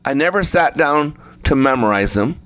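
A man's voice: mid-range voice, expressive, moderate pace, a bit bright, no echo. Man, preacher, sermon, emphatic, repetitive phrasing, dry recording. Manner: emphatic, repeats phrases for effect; acts out the story voices while telling it.

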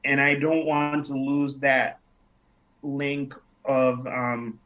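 Man, thirties, from Nigeria, storytelling guest, mid-pitched voice, dull lo-fi sound. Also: level tone, drawn-out words. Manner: reflective storyteller who acts out quoted dialogue. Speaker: interview guest. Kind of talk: casual interview conversation.

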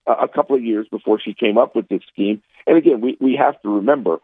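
A man's voice: medium pitch, quick pace, no echo. Man on a phone line, dry and tinny, combative and scornful political pundit. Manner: combative, scornful, with many fillers and restarts. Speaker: political contributor.

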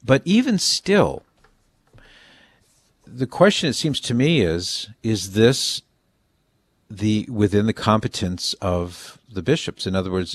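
A man hosting a call-in show, answering a caller with measured, deliberate reasoning and frequent restarts. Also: deep voice, no echo, studio quality. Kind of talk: call-in advice on faith.

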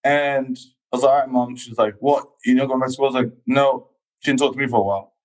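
A man's voice: mid-range voice, racing, poor audio. A man from England, in his thirties, telling his life story in a casual chat and acting out quoted voices. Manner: animated, acts out quoted voices. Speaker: guest athlete.

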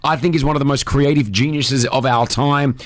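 A man's voice: medium pitch, steady tone, no room sound. A man hosting a morning radio show, upbeat and jokey as he chats with co-hosts and callers. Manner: upbeat, jokey, fast-talking. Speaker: radio host. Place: radio studio. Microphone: studio mic.

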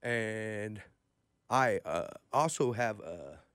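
A man co-hosting a radio show, telling a story in a halting way and often repeating his words. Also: on the low side, lively intonation, fairly bright tone, clear, resonant tone, no echo, studio quality. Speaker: radio co-host. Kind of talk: casual radio chat. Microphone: studio microphone.

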